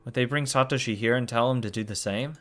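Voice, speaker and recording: A man's voice: mid-range voice, fast talker, a bit bright, faint music behind. A man reading a visual novel aloud as a let's play host, breaking off into shocked cursing and groans. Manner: shocked cursing and groaning between read lines.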